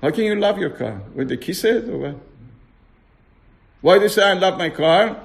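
His voice sits high, animated and creaky, as he teaches an informal class on religion. Questions for the listeners come constantly, and he slows down to lean on key words.

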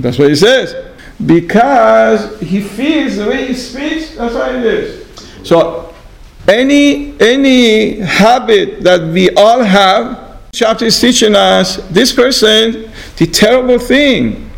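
A man teaches a scripture lesson in a slow, unhurried way, pausing on fillers and tossing out rhetorical questions. His voice sits high for a man and has a gravelly rasp to it. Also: lively intonation, rough recording. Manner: halting, pauses with fillers, asks rhetorical questions. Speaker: Torah teacher.

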